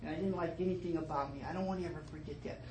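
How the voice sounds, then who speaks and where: A middle-aged man telling his story at a twelve-step meeting, starting low and emotional and rising to fervent emphasis, with many repeated phrases. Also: fairly even intonation, very fast. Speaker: recovering alcoholic sharing his story. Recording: echoey meeting room, faint noise.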